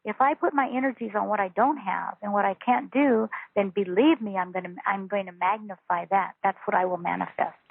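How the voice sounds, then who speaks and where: Speaking briskly with hardly any pauses, a woman teaches spiritual concepts in a phone interview. Her mid-range voice is husky and gravelly, her delivery earnest and emphatic with repeated phrases, and the call sounds tinny and dry with no room sound.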